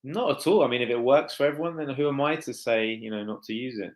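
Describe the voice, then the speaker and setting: A man who is the guest consultant on a live chat show, answering in a measured, slightly hesitant way. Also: medium pitch, low-quality recording.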